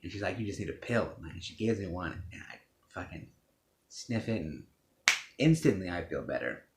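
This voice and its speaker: A man's voice: sits low, animated, normal speed, reverberant. A man telling his own story of addiction in a blunt, profane, unpolished way, often restarting his sentences. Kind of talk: personal testimony speech.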